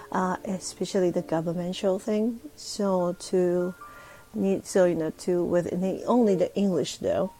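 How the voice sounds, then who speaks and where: A woman's voice: mid-range voice, a little mellow, low-quality recording. A woman with a Japanese accent, hosting a casual live audio chat, talking with lots of fillers and switching between English and Japanese. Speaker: host.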